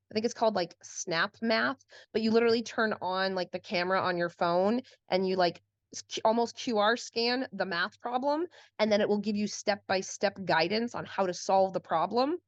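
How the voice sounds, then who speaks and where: Woman co-host, casual and chatty, heavy on "like" fillers, mid pitch, dry and slightly muffled audio. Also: a little fast, dry recording. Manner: chatty, frequent "like" fillers, acts out quotes. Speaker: podcast co-host. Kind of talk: casual conversation.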